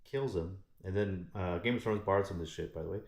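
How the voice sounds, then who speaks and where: Male host, deep voice, swears constantly, rambles through a story with lots of asides. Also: quick pace, creaky, darkish tone. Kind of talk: casual profane storytelling. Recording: echoey room.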